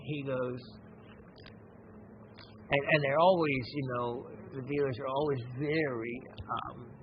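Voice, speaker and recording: A man hosting a gem and mineral show, talking in a slow, rambling, reflective way with many pauses and fillers. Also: medium pitch, fairly even intonation, muffled recording, slight background noise. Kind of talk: unscripted educational show talk.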